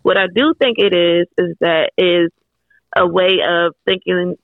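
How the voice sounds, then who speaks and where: A woman with a gravelly, creaky voice talks frankly and candidly as a podcast guest, dropping the odd curse. Her voice comes through a thin, phone-like line with a dry, close sound. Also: lowish voice, fairly even intonation, unhurried, no echo. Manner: candid, frank, swears casually. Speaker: guest author. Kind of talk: casual podcast chat.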